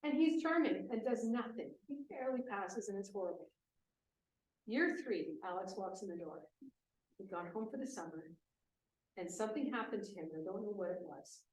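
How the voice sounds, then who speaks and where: A woman speaking at a business event, telling a lively classroom story in a conversational way. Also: mid-range voice, normal speed. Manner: animated, conversational, voices quoted students. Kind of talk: storytelling talk. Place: event room. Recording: echoey room from a distant mic with faint hiss.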